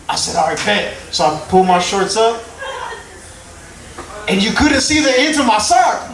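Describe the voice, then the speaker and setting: A young male comic from Houston with a notably high voice works a live crowd in a loose, chatty stand-up set, cracking up at his own jokes. He sounds distant in a roomy club, with audience laughter audible. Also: moderate pace. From Houston, Texas. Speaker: stand-up comedian. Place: comedy club stage before a live crowd.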